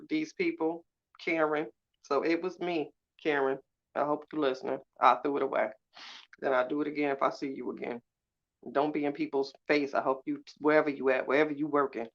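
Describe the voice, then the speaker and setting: A woman hosting a casual live chat with viewers, sassy and blunt, cursing freely and laughing often. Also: sits low. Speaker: live-stream host. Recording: slightly dull lo-fi sound.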